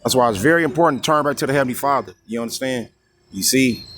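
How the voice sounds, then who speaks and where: A man's voice: mid-range voice, noisy background. Profane, fiery male preacher. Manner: reads verses slowly and drawn out; constantly repeats "you see?" and "you know what I mean?". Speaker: street-style preacher.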